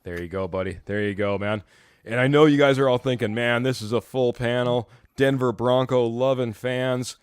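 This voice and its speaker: A man's voice: mid-range voice, normal speed, smooth, no echo. An upbeat man hosting a live fan sports stream, chatting loosely and reading viewer comments aloud with easy laughs. His voice sits in a middle register, close and dry with no room sound. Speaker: host.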